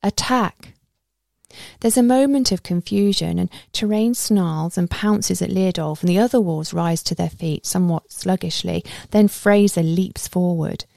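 Low, gravelly-voiced woman narrating a story. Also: no echo, studio quality. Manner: steady, measured storytelling. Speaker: audiobook narrator. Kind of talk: first-person story narration.

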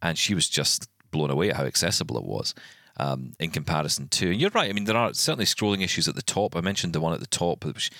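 A man with a low, deep voice co-hosts a podcast, his pitch swinging widely as he rants in exasperation. He stumbles over restarts as he talks in casual chat, recorded dry and close with no room sound. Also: quick pace, no echo. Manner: animated, exasperated ranting with many restarts. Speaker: podcast co-host.

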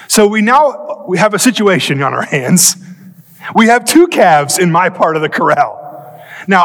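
A man preaching in church, telling a comic story with animated bursts of speed and drawn-out pauses. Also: high voice. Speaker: pastor. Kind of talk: storytelling sermon. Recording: long hall reverb.

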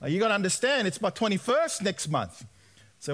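In a sermon testimony, a young man from Australia animatedly recounts his own story, voicing the people he quotes. He speaks at a moderate pace in a voice on the high side.

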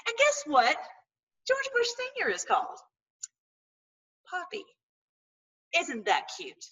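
A woman talking to her viewers in a casual, animated monologue, full of restarts and religious phrases. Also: very high voice, takes it slowly, distant mic, rough recording. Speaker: political commentary host.

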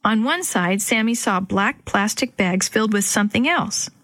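Female narrator for a kids' storybook, dry close recording, gentle character voices. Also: mid-range voice, expressive, normal speed, dry recording. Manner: reads dialogue with light character voices. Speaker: audiobook narrator. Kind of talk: children's storybook reading.

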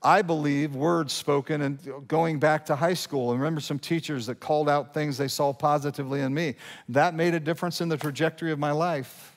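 A middle-aged man preaching a sermon to his congregation in a conversational way, often restarting his sentences and slowing down to read verses. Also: fairly high pitch, fairly even intonation. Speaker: pastor. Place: church sanctuary. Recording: long hall reverb.

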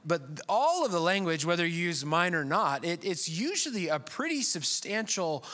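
A man, a pastor, preaching a conversational sermon with self-deprecating, animated asides. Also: a little high.

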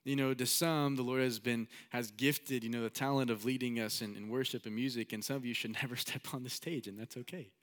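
A man's voice: medium pitch, steady tone, fairly quick, hardly any pauses. A man preaching a sermon in a casual, storytelling manner, often repeating his phrases.

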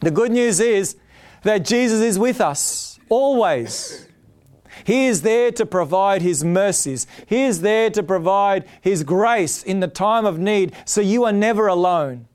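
A man's voice: high-pitched, animated, measured pace, a little mellow. A man preaching a sermon, earnest and emphatic, often repeating his key phrases.

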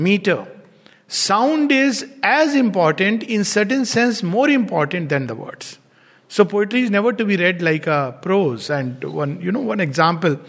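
A man giving a calm, unhurried spiritual lecture, with soft chuckles. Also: sits high, in a large hall. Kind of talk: reflective spiritual talk.

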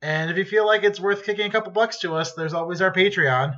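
A man's voice: high voice, quick pace, bright, forceful tone, muffled recording. A man cohosting a podcast in casual chat, joking and rambling and swearing now and then. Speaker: podcast co-host.

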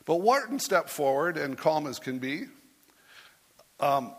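Pastor guy reading a funny rhyming bible story, kinda high voice, lots of hall echo. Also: sing-song, measured pace. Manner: playful storyteller who puts on voices for the characters.

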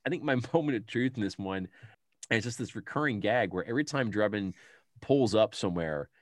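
A man's voice: on the low side, a little fast, dry recording. Middle-aged guy gushing about a comedy, keeps laughing, dry close sound. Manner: animated, laughs often while retelling scenes. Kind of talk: casual film discussion.

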